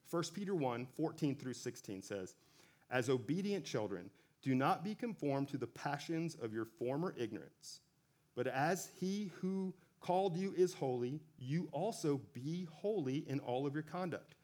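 A man giving a relaxed sermon, talking conversationally with frequent self-corrections and joking asides. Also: on the high side, unhurried. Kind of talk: casual sermon.

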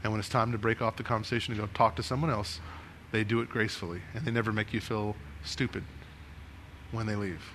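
A man leading a networking workshop before a live room, animated and restless, often asking the audience questions and moving as he talks. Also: lowish voice, fast, a little hiss or hum. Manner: animated, talks with his hands and moves around; asks the room many questions. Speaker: speaker giving a networking workshop.

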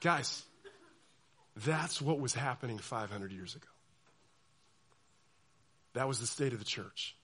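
A young man preaching a sermon to a youth group, animated and acting out the voices of people he quotes. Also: medium pitch, slow pace, pauses often, breathy edge. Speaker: youth pastor.

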